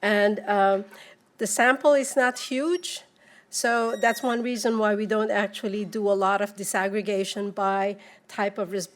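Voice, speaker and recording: A woman presenting at a conference podium, halting, with many repeats and restarts. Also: mid-range voice, steady tone. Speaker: panel presenter.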